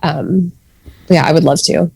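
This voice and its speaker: Woman chatting on a podcast, kinda low voice, laughs a bunch, dry mic. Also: a little slow, gravelly, darkish tone, husky, dry recording. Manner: chatty, laughs often, many fillers. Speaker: podcast guest. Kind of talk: casual chat.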